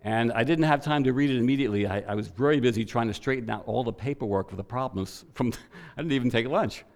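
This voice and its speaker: A man's voice: mid-range voice, fast talker. Man preaching through a personal story. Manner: animated storytelling with quoted voices.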